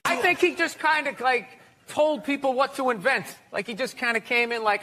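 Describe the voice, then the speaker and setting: A man's voice: very high voice, moderate pace, pushed and bright. A man, a comedian guest in a casual interview, talking bluntly and joking, laughing at his own lines.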